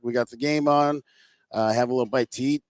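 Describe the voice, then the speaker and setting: A man's voice: medium pitch, fairly even intonation, fairly quick, no room sound. A man working as a restaurant chef, explaining dishes in a friendly, hesitant way with many fillers.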